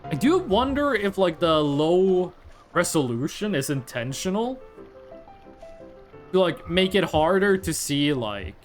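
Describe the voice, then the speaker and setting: A streamer from Norway speaking with an American-sounding accent, chatty and rambling, full of fillers. The pitch bounces around a lot. Faint music plays underneath. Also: sing-song, slow pace. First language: Norwegian. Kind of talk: casual gameplay commentary.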